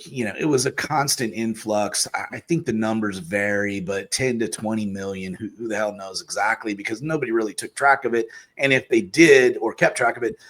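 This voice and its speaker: Halting man hosting a political talk. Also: lowish voice. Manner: halting, frequent fillers and restarts.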